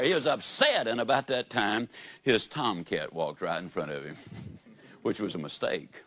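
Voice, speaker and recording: A man's voice: mid-range voice, lively intonation, moderate pace, a bit bright. A man giving a live motivational speech, telling folksy stories and asking the audience questions. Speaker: motivational speaker.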